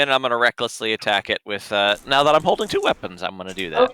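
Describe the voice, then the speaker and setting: A man's voice: medium pitch, sing-song, quick pace, sharp tone, clear, resonant tone. A man playing a tabletop game, describing his moves with hesitant, chuckling asides. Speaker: player. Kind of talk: casual tabletop play.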